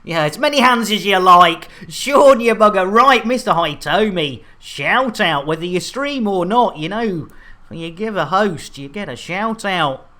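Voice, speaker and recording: Woman from the uk, cheeky live-stream chat, bright voice, slow unhurried pace. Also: medium pitch. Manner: playful, cheeky, welcoming viewers by name.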